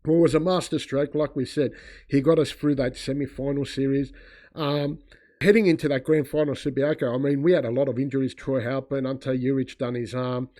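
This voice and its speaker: A man hosting a casual sports interview, chipping in with quick affirmations and questions. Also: mid-range voice, steady tone, warm tone. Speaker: interview host.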